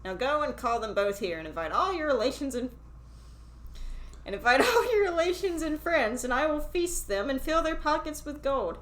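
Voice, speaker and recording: A woman's voice: sits high, sing-song, normal speed, a bit bright, pitched above the performer's own voice. A woman voicing a confident young man in a fairy tale reading, firm and declaring. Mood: boastful. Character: young male craftsman, confident and stern.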